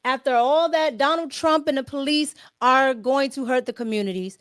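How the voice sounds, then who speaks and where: Chatty woman host, bright and dry. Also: high voice, normal speed, dry recording. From Washington, D.C. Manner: chatty, repeats "okay?" to the viewers. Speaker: livestream host. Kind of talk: casual political commentary.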